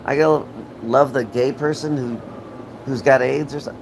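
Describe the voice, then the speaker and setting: A man's voice: medium pitch, steady tone, moderate pace, creaky, noisy background. An American man hosting a live stream, ranting in a rambling, profane and heated way and answering viewers' comments. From United States. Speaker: livestream host.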